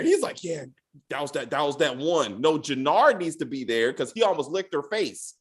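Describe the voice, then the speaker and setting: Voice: mid-range voice, moderate pace. A podcast host ranting casually about a TV episode, swearing freely and acting out characters' lines. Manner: profane, animated, acts out characters' lines. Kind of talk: casual spoiler rant.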